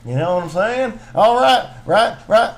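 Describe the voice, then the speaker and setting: High-voiced man hamming a Southern twang. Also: expressive, unhurried, creaky, over a noisy crowd. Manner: hams up a put-on Southern twang; repetitive, riffing, profane. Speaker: podcast co-host. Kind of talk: casual ranting chat.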